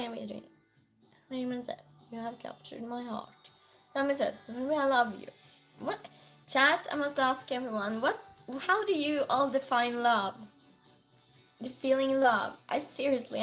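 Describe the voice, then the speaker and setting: A woman hosting a livestream with a cold and a sore throat, hoarse and clearing her throat as she reads viewer messages aloud and chats back. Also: high-pitched, moderate pace, fairly bright tone, faint music behind. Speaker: livestream host reading chat. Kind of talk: casual chat.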